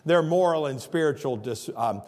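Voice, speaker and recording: A man preaching a sermon as pastor in a church. He is earnest and restarts his phrases often. His delivery swings from loud emphasis to hushed intensity. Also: a little high, animated, normal speed.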